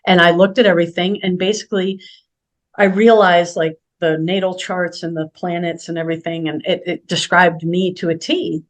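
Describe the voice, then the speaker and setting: Chatty middle-aged woman, low-pitched. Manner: chatty, storytelling, quick to laugh. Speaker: guest spiritual healer. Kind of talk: casual interview conversation.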